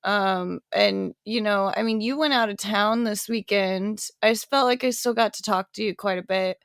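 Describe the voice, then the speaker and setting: A woman's voice: mid-range voice, normal speed, creaky, no echo, studio quality. A woman hosting a podcast in casual chat, talking loosely, laughing often and swearing freely. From California. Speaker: podcast host.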